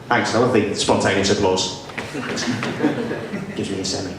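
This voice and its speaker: Echoey young northern English comic. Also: male voice, on the low side, steady tone, moderate pace, pauses often. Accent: generic northern English. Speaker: stand-up comedian. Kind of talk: stand-up set. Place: small comedy club stage. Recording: far-off echoey club recording with audience. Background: audience laughter and room noise.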